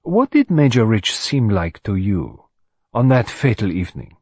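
A precise, formal older detective, as a narrator puts him on, measured and courteous in every question. The voice is a bit husky and moves through a lively range. Recorded dry and close. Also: male voice, on the low side, no echo, full character voice. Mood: probing.

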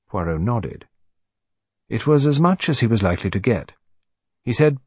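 A man reading a story aloud, his voice slightly husky with lively rises and falls in pitch. The sound is close and dry, with no room around it. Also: normal speed, pauses often, no room sound. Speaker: narrator. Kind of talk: scripted audiobook narration.

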